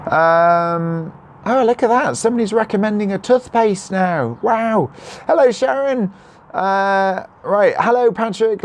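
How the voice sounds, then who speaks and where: A young man chatting casually on a live stream, reading out viewer comments and answering questions in a slightly croaky voice. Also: sits high, a little mellow, a little hiss or hum. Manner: chatty, reads out comments, jokes and apologises. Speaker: vlogger answering live chat. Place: at home, neighbours nearby.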